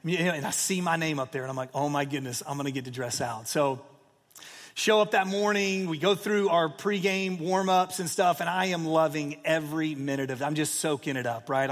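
A man in his forties preaching a sermon, telling a story in a relaxed, conversational way with plenty of fillers. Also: high voice, big-room sound. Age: 40s. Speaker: pastor.

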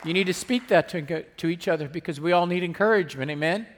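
A male pastor preaching a sermon with call-and-response asides, moving between hushed and loud delivery. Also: on the high side, fast talker, in a large hall, some chatter behind, slight background noise.

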